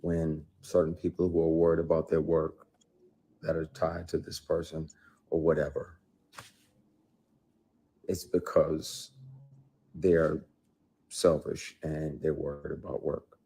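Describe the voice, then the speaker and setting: Low-voiced man, blunt and emphatic. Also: level tone, slow, pauses often, warm tone. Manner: emphatic and blunt, with frequent profanity; speaks with rising intensity. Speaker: actor telling his story. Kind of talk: candid conversational interview.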